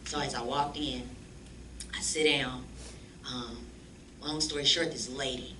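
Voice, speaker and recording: A woman telling her life story as a church guest, animated and slangy, acting out the voices of people she quotes. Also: very deep voice, unhurried. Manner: animated, acts out quoted dialogue in slangy speech. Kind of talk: lively storytelling testimony. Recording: echoey room, distant mic, faint noise.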